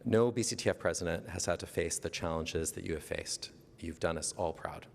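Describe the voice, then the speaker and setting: A man's voice: sits low, a little fast, creaky, slight background noise. A man, a teacher, reading an earnest, formal tribute speech at a convention. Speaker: teacher presenting an award. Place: large convention hall. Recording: long hall reverb.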